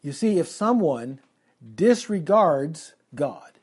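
Guy preaching, husky and kinda mellow, reads verses then breaks them down. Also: fairly high pitch, sing-song, slow pace. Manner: earnest teaching, reading scripture aloud and explaining it. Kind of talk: expository sermon.

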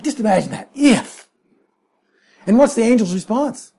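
A man's voice: high voice, expressive, normal speed, long pauses, warm tone, husky. A man preaching a sermon, emphatic and full of rhetorical questions.

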